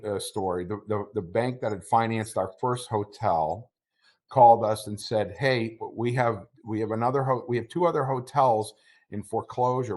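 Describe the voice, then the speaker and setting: Appearing as an interview guest, a middle-aged man speaking on the low side recounts something personal. His speech is halting and repetitive, and emotion makes his voice choke.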